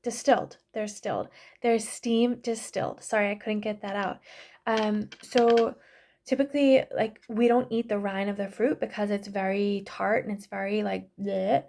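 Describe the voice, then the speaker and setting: A woman's voice: medium pitch, steady tone, moderate pace, creaky, a little mellow. A woman in her thirties teaching a casual online class, chatty and full of fillers, often correcting herself. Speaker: yoga and essential oils class teacher.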